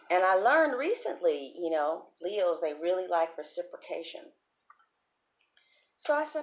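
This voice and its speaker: Chatty tarot reader, female, lively swooping delivery, salty language. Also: fairly low pitch, a little slow. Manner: chatty, animated, profane storytelling. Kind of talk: casual livestream reading.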